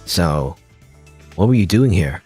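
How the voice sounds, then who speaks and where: A man's voice: low-pitched, lively intonation, takes it slowly, dark tone, husky, no echo, faint music behind, voice pushed down, exaggerated voice. A man voicing a cool, terse young male game hero who speaks in a curt, unimpressed way.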